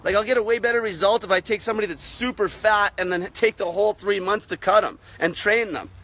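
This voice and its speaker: Talking fast with a high, steady, fairly bright voice, a young diet channel host delivers a profane rant to camera. He's blunt and aggressive about dieting and swears nonstop.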